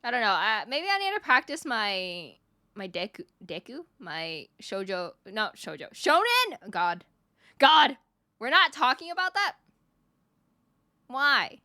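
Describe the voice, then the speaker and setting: A woman's voice: mid-range voice, sing-song, a little slow, bright, forceful tone, dry recording, studio quality. A young woman VTuber streamer chatting casually with her viewers, playful and giggly. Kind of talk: casual stream chat reading viewer messages.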